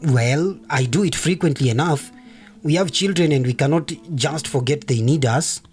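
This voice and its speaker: A man's voice: fairly high pitch, normal speed, a little mellow, faint music behind, close to an everyday voice. A man voicing an anxious young mother and doctor, a worried, combative woman in an audiobook. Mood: angry.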